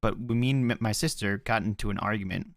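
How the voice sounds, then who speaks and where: A man co-hosting a live-streamed podcast, chatting casually and swearing as he tells animated stories. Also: on the low side, fast talker, gravelly, no room sound, clean studio sound. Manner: animated storytelling, swearing freely. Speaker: podcast co-host. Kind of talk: casual chat.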